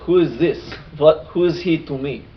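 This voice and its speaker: A cool, dismissive drow noblewoman, as a man quotes her, asks her questions flatly and without interest. The voice sounds dull and sits far from the mic on a lo-fi recording. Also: a little high, normal speed, close to an everyday voice. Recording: dull, distant lo-fi.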